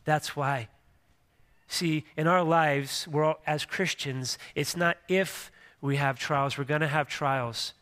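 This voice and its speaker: Bright-voiced male pastor preaching casually. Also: a little high. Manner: conversational, joking asides, frequent restarts. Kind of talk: sermon.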